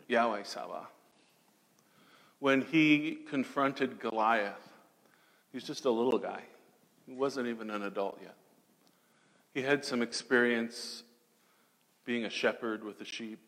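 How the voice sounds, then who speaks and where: A man preaching a sermon dramatically, moving between loud declarations and hushed, almost whispered passages. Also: mid-range voice, takes it slowly, long pauses, big-room sound. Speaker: pastor.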